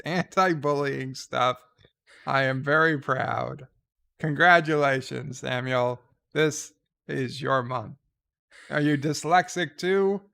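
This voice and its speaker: A man's voice: medium pitch, gravelly, a bit bright. A man hosting a livestream, reading viewer comments aloud and rambling through wry asides. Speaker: livestream host.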